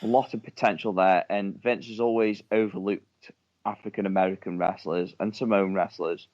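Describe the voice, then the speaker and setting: Male podcast co-host, lowish voice, blunt and sweary, muffled lo-fi audio. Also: fairly even intonation, moderate pace, a little mellow. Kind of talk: casual wrestling chat.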